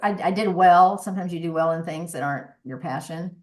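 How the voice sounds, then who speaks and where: With a lowish voice and a brisk delivery, this woman in her sixties, a voice coach, reflects earnestly as a guest on a podcast. The conversational interview is marked by her frequent sentence restarts.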